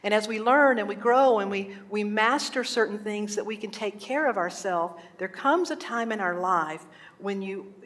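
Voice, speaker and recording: A woman's voice: mid-range voice, normal speed, a bit bright. A woman minister giving an earnest sermon in a church, telling stories and asking the congregation questions. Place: church sanctuary. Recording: echoey hall.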